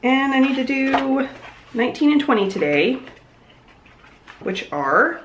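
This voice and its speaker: A young woman with a high voice that swings widely in pitch talks a little slowly in a home vlog, casual and upbeat, thinking aloud as she goes. She's a vlogger recording in a room at home, and the audio is echoey with faint background noise.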